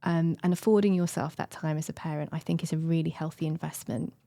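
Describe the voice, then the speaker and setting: Low flat woman's voice, gravelly and mellow, calm and careful, dry close sound. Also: no echo. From United Kingdom. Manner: measured, thoughtful, soft-spoken with many hedges. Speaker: child and adolescent psychiatrist, guest. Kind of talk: interview conversation.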